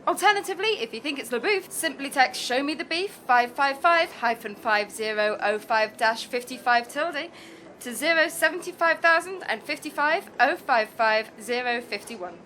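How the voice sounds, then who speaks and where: A woman from England presenting scripted sketch comedy in a dry, deadpan way. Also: high-pitched, moderate pace, slight background noise. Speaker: radio presenter.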